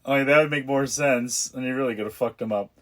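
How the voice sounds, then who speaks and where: A young man with a mid-range, fairly bright voice hosts a casual movie commentary podcast at a brisk clip. He's profane and mocking, laughing at whatever he's watching.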